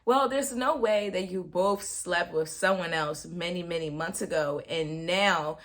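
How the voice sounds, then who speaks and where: A woman voicing a calm, hesitant female doctor who speaks softly and carefully. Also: fairly low pitch, measured pace, voice pushed down, natural voice. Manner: soft, careful, hesitant delivery.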